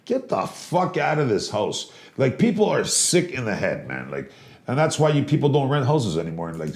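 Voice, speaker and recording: A man's voice: medium pitch, darkish tone, reverberant. A man co-hosting a podcast, telling stories in loose, profane, rambling casual chat; he moved to Canada as a child. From immigrant to Canada. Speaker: podcast co-host.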